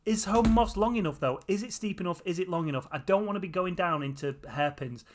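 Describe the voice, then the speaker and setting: A man's voice: high-pitched, fairly quick. A tired man chatting casually to viewers on a live stream, with a runny nose. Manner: tired, chatty, often laughing.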